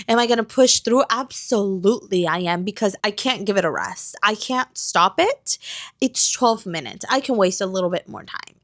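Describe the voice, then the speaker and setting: A woman's voice: mid-range voice, a bit bright. Woman, twenties, book vlogger, casual chat, gushing, dramatic, swears, late-night home recording.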